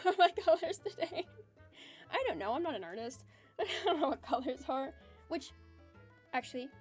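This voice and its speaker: High-voiced giggly woman streamer. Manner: giggly, chatty, reads chat messages aloud; self-described low-energy and introverted. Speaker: streamer chatting with live chat. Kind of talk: casual livestream chat.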